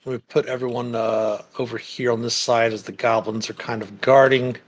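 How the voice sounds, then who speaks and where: A man narrating as game master in a tabletop game, describing scenes in a halting way with frequent pauses to search for words. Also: mid-range voice, flat delivery. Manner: halting, many fillers and restarts while describing the scene.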